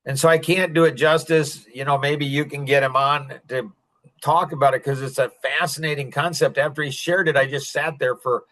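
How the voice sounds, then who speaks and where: Male podcast host, slightly high pitch, loose rambling delivery with frequent chuckles. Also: fairly even intonation, moderate pace, bright, forceful tone. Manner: rambling, chuckling, heavy use of "like". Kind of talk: casual podcast chat.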